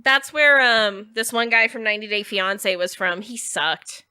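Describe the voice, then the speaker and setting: Bright, slangy comedian woman. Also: medium pitch, moderate pace, clean tone. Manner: playful, slangy and profane. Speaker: comedian guest. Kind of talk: casual comedic chat.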